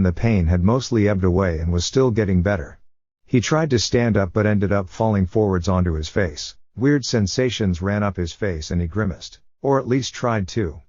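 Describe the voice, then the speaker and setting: A low-voiced man narrating a fiction story at a steady pace. The recording is dull and lo-fi, with a dry, close sound. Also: no room sound.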